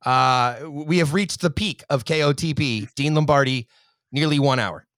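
A man's voice: mid-range voice, moderate pace, fairly bright tone, dry recording. A man co-hosting a sports podcast, wrapping up an interview with friendly, joking banter. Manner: friendly wrap-up patter, joking. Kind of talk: casual podcast chat.

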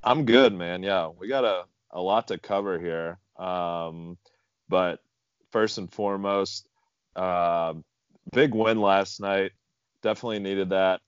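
A man's voice: deep voice, takes it slowly, clear, resonant tone, no room sound, lo-fi sound. A man co-hosting a casual podcast in an easygoing, upbeat way. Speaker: podcast co-host.

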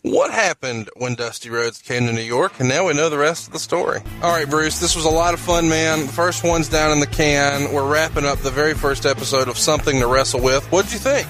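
A man's voice: fairly high pitch, a little fast, few pauses, over music, low-quality recording. A man hosting a podcast, upbeat and promotional as he steers the conversation and wraps up the show. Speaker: podcast host.

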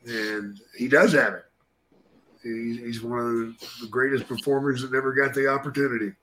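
A man's voice: medium pitch, fairly even intonation, normal speed, pushed and bright, slight background noise, low-quality recording. Casting note: older male host, terse and profane, faint ambience behind him. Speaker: podcast host, retired wrestler. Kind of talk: casual chat.

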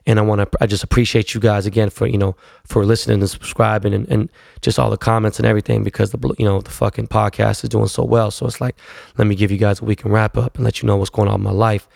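A man's voice: lowish voice, flat delivery, fast, vocal fry, darkish tone, dry recording, clean studio sound. A man, hosting a casual solo podcast and telling stories in a profane, laid-back way full of slang. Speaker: podcast host.

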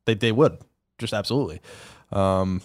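A man's voice: fairly low pitch, moderate pace, no room sound, clean studio sound. A man co-hosting a gaming podcast in casual chat, often exasperated and restarting his words. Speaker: podcast co-host.

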